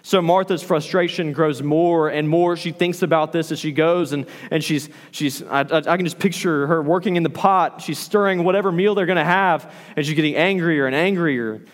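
Male preacher, sermon, animated, slightly high voice, long hall reverb. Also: moderate pace, hardly any pauses. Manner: animated, acts out quoted lines. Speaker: pastor.

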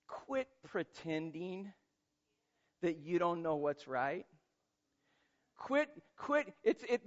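Man, high-pitched, pastor, conversational sermon, emphatic, rhetorical questions, slightly muffled lo-fi recording.

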